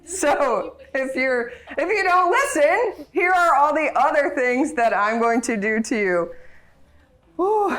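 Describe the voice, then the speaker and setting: A woman's voice: sits high, very animated, takes it slowly, fairly bright tone. Chatty woman leading a Bible study. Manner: chatty and playful, laughs often.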